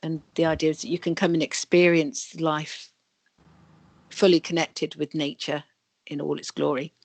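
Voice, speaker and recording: A woman guest on a video call interview, calmly explaining energy healing. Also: sits low, normal speed, no room sound. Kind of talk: interview answers.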